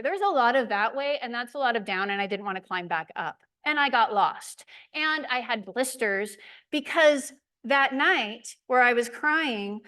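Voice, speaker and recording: Brief: woman presenter, animated, self-mocking storyteller, fairly high voice. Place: lecture room.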